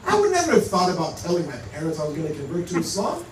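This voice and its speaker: Speaking very fast, a man with a fairly high voice and wildly swooping pitch gives a conversational talk to a community audience as a Muslim speaker. He tells stories and performs dialogue in quoted exchanges. Recorded from a distance in a roomy hall with a faint hum.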